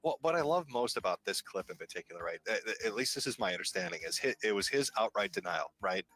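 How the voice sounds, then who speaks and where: A man's voice: on the low side, expressive, fast, a bit bright, faint music behind. A man giving casual, emphatic and profane commentary on a clip.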